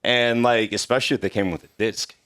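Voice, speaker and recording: A man's voice: mid-range voice, fairly even intonation, a little fast, fairly bright tone. A man telling a story as a podcast guest, rambling and full of swearing. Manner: profane, rambling, heavy on filler like. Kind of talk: casual storytelling.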